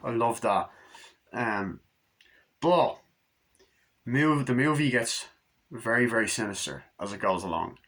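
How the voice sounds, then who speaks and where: A young man casually rambling through a movie review, excitable and full of swearing. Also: medium pitch, a little slow, pauses often.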